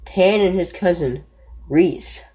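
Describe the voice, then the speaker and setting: Low, husky woman telling a scary story. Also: mellow. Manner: slow, low-key telling with frequent self-corrections. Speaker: horror story narrator. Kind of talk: first-person horror story narration.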